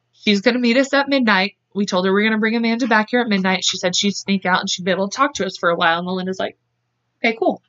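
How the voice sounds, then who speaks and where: Speaking at a quick pace with a fairly bright, medium-pitched voice, a woman hosts a podcast from home. She narrates a true-crime story casually, doing voices for the quotes and laughing a lot. Her mic is a dull, lo-fi podcast one.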